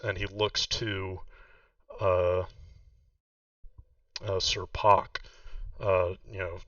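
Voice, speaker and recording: A man running a tabletop game, rambling through his narration with frequent fillers. His lowish voice sounds bright yet distant and muffled, in a dry space. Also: no echo. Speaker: game master.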